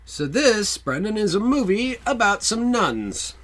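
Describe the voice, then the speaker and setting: A man's voice: high voice, sing-song, a little slow, fairly bright tone. A man co-hosting a casual film podcast, joking and playful as he recaps the plot. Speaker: podcast co-host.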